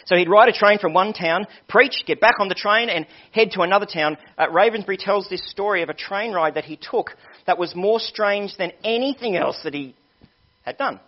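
A man's voice: sits high, normal speed. A male pastor preaching a sermon, telling a story with earnest appeals to his listeners. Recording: dull lo-fi sermon recording.

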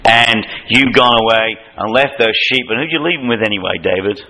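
A man preaching a sermon in an impassioned, emphatic way, with lively asides. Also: on the low side, brisk, poor audio.

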